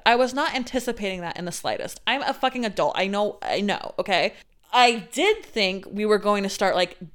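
A woman's voice: mid-range voice, a bit bright, clear, resonant tone. A woman in her twenties hosting a podcast, telling a personal story in a candid, sweary way with frequent laughs. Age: 20s. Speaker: podcast host.

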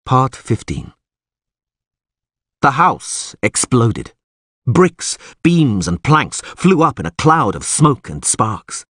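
A man reading a fantasy audiobook aloud with expressive, dramatic narration. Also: medium pitch, slow pace, husky, no echo, studio quality.

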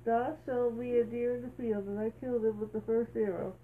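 A woman's voice: a little high, steady tone, brisk, lightly acted. A woman reading the lines of a sly young man in a plain read-aloud voice. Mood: anxious. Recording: tinny phone-like sound, faint hiss.

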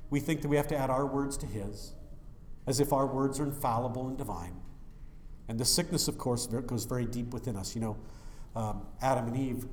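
A man pastor delivering a sermon, swinging from hushed passages to loud, impassioned rises. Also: mid-range voice, slight background noise. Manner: dramatic swings from quiet to loud preaching. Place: church. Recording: echoey church hall.

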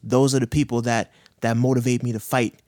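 A man in his thirties speaks earnestly and with feeling, choked up at times, heavy on slang and cursing. His voice sits at a middle pitch. The recording is dry and close with no room sound. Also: little pitch movement, a little fast, darkish tone, dry recording. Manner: earnest, emotional, urges listeners with slang and profanity. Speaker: guest sharing his cancer diagnosis. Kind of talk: candid podcast conversation.

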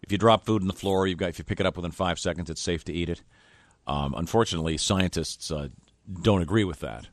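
Low-voiced male radio host. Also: fast, no echo. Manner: easygoing, filler-heavy, reads listener mail. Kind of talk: radio talk show hosting. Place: radio studio.

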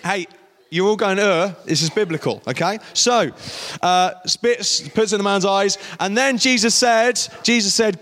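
A guest speaker leads an interactive youth talk, playfully coaching volunteers through a skit. His voice sits high for a man. It carries a long reverb from a large hall. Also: a little slow, a bit bright. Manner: playful, directs volunteers on stage.

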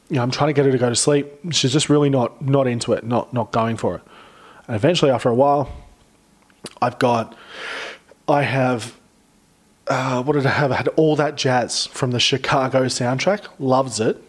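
A young Australian man hosting a podcast, chatting casually and rambling through animated stories. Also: medium pitch. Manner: rambling storyteller, animated retellings. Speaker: podcast host. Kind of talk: casual chat.

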